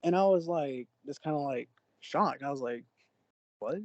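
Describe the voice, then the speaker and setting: A young man from Oklahoma, a podcast co-host, telling a story in an animated, excitable way with sudden jumps in pitch. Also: moderate pace, dry recording, lo-fi sound. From Oklahoma, USA. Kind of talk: casual storytelling.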